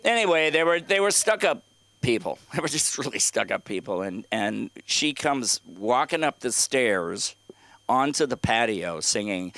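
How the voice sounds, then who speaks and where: Rambling, animated middle-aged male comic. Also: mid-range voice, unhurried, no room sound. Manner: rambling, profane, talks to the crowd. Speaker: stand-up comedian. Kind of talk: open-mic stand-up comedy. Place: comedy club stage.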